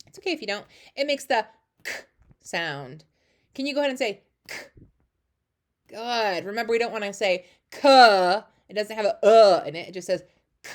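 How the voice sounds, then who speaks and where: A woman teaching a phonics lesson to young children, warmly encouraging with lots of praise. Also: on the high side. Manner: encouraging, lively, sing-song praise.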